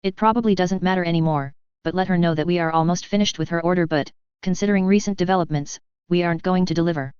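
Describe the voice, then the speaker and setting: A woman's voice: on the low side, quick pace, few pauses, a little mellow, smooth, no room sound, close to an everyday voice. A woman voicing a wry, laid-back male factory owner who speaks with dry sarcasm, in a dull lo-fi recording. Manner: dry, sardonic.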